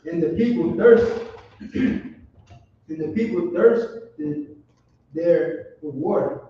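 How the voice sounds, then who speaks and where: Slow, halting man reading scripture. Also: high-pitched, big pitch swings, creaky, mellow. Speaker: student reading scripture aloud. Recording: distant, echoey, dull recording with faint noise.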